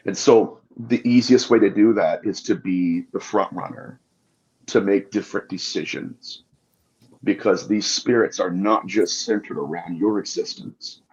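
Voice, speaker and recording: A man's voice: sits low, a little slow, darkish tone. A man guest on a podcast interview, telling his experiences with passion. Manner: passionate storytelling. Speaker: guest demonologist. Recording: dull lo-fi audio.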